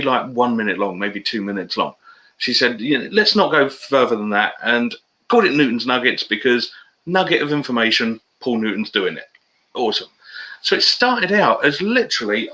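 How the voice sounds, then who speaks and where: A chatty man spins stories with matey banter as an interview guest. His voice is bright and forceful, at an ordinary middle pitch, heard over a video call. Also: poor audio. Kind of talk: casual interview chat.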